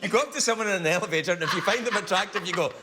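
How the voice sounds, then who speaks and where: Man, Scottish accent, talk show host, teasing banter, fairly high voice, noisy outdoor audience audio. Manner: teasing, quick jokes, laughs often. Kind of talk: joking interview banter.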